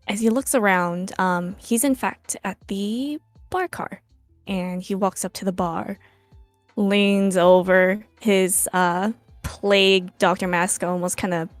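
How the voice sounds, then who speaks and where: Relaxed woman tabletop player, unhurried, dry close mic, faint music bed. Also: mid-range voice, dry recording. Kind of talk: describing her tabletop character.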